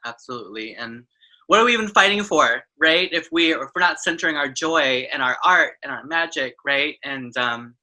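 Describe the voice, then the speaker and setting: A woman's voice: low voice, lively intonation, moderate pace, sharp tone. A trans woman hosting an interview, talking effusively and at length, with lots of "like" and "you know" fillers. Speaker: host. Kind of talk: casual interview conversation.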